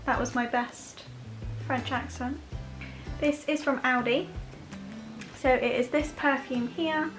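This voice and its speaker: A young woman chatting to camera about her favourite products, rambling with quick self-deprecating asides. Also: sits high, steady tone, faint music behind. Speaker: beauty vlogger. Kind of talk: casual chat to camera.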